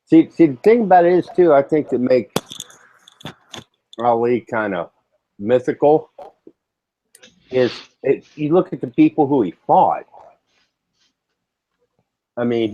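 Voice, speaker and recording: A man's voice: mid-range voice, dry recording, lo-fi sound. A man chatting casually as a guest on a live stream, laid-back with a dry, sarcastic manner. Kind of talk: casual chat.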